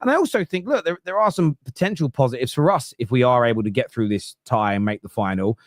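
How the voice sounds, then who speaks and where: A man's voice: mid-range voice, lively intonation, fast, dry recording, studio quality. A man hosting a casual football podcast, talking bluntly and opinionatedly and swearing freely. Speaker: podcast host.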